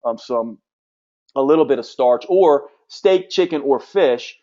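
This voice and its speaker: Forceful, blunt male health coach. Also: mid-range voice, expressive, unhurried, dull audio. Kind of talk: live training session answering questions.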